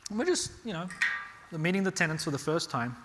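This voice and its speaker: Against a noisy background, an Australian man with a fairly high pitch talks fairly quickly through a real estate workshop for a live audience. He tells lively stories, checking in with "right?" frequently, and the recording has hall reverb.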